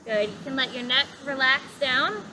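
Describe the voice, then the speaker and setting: A woman instructor gently guiding a parent and child yoga class, cueing breaths and poses with encouragement. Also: high voice, moderate pace, a little hiss or hum, rough recording. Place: outdoors in a park.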